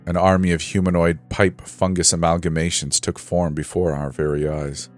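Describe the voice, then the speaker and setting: A scripted horror tale is narrated by a man whose very low voice barely moves in pitch. His delivery is dramatic yet measured, with faint music playing beneath.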